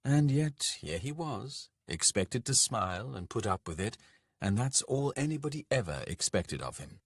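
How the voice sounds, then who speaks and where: A man narrating a dark fantasy audiobook in a measured, dramatic way. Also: medium pitch, sing-song, breathy edge, dry recording, studio quality.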